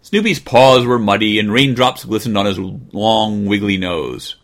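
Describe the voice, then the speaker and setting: A man hosting a podcast, reading a children's storybook aloud in an expressive way with dry humor. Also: lowish voice, a little slow. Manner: expressive, dryly joking. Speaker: podcast host.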